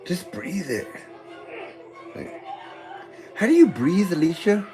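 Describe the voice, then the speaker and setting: A man high on weed, rambling goofily in a meandering monologue addressed to God. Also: huge pitch swings, slow pace, music in the background. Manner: goofy, meandering, talks to God. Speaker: vlogger. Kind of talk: rambling stream-of-consciousness monologue.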